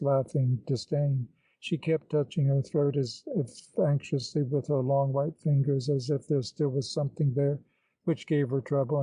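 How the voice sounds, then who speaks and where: A man narrating an audiobook in a measured, literary storytelling manner. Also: mid-range voice, dark tone, dry recording, rough recording.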